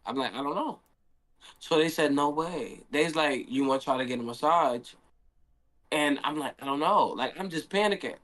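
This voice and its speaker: A man's voice: fairly high pitch, moderate pace, fairly bright tone. A young man, a handball player, telling a story in a casual stream Q&A and acting out his own quotes.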